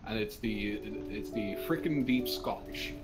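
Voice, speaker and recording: A man's voice: on the low side, a little slow, over loud music. A man chatting casually while playing a game, swearing often and sounding tired. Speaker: gamer co-streamer. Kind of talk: casual chat while gaming.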